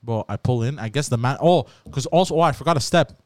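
Animated swearing man telling a story. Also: medium pitch, quick pace, no room sound. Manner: animated, swearing, says bro a lot. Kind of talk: casual storytelling chat.

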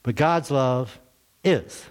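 A man's voice: medium pitch, lively intonation, drawn-out words. A man preaching a sermon in a church, in a conversational way, asking rhetorical questions and telling light jokes. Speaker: pastor.

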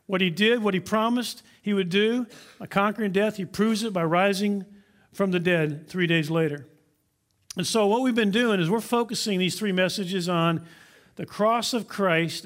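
A pastor with a high-pitched voice preaches an emphatic sermon, slowing down to stress key words and using props to illustrate his point.

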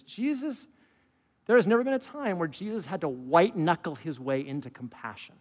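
A middle-aged male pastor preaches a conversational sermon in a large hall, asking the audience questions and dropping into quiet asides. His voice is a little high with vocal fry, and he is very animated and brisk.

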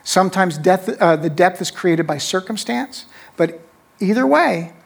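A middle-aged pastor with a notably high voice delivers a sermon to his congregation. He tells stories conversationally, says his key lines twice and keeps asking "right?" to draw the room in. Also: lively intonation, measured pace, vocal fry, breathy edge. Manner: conversational storytelling, repeats phrases, checks in with "right?".

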